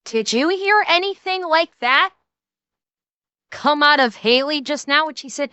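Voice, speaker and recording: A woman with a high, bright voice chats and riffs sarcastically, speaking straight to her viewers. The sound is dry and close to the microphone, with no room behind it. She keeps a loose, live-stream rhythm. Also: expressive, a little slow, dry recording. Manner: chatty, sarcastic, talks straight to chat. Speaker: streamer reacting to a video. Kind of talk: casual live-stream commentary.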